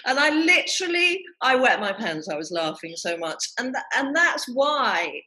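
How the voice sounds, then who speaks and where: Brief: female podcast host, candid and laughing, very lively pitch. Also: moderate pace, rough recording. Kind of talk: casual chat.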